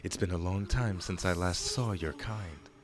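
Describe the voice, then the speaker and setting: A man voicing an ancient male frog guardian in a game, speaking slowly and gravely. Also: deep voice, music in the background, close to an everyday voice. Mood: solemn. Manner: slow, grave and deliberate.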